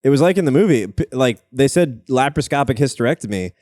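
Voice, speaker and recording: A young man hosting a comedy podcast, telling rambling anecdotes in casual chat, swearing and jumping up in pitch when excited. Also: fast, dry recording. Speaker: podcast host.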